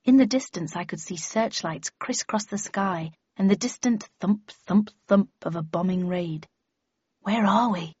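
Woman, husky, steady first-person narration, muffled recording. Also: on the low side, moderate pace, hardly any pauses, dry recording. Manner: steady storytelling reading. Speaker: audiobook narrator.

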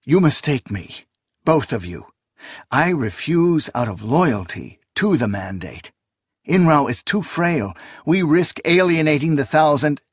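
A man's voice: a little high, big pitch swings, a little slow, slightly rough, dry recording, clean studio sound, pitched above the performer's own voice, heavily acted. A man voicing a loyal, stubborn male sorcerer who answers tensely and defensively.

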